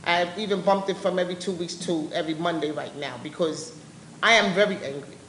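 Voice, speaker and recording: A woman's voice: on the low side, a little fast, fairly bright tone. Impassioned, blunt woman in a roomy hall. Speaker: panel speaker at a public forum. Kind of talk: personal testimony at a public talk. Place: meeting room at a live public event. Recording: roomy live-event recording with faint background noise.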